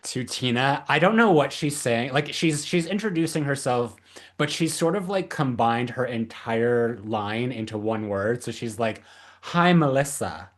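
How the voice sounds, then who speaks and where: A man hosting a film podcast in relaxed, casual conversation. His pitch sits in the middle range, and he speaks haltingly, often restarting his sentences. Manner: halting, many fillers and restarts. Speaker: podcast host.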